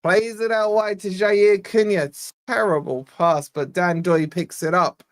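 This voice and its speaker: A young man from Scotland hosting a live fan watch-along, giving exasperated, chatty play-by-play and reading out viewer shout-outs. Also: high-pitched, fairly even intonation, a little slow. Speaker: fan channel host.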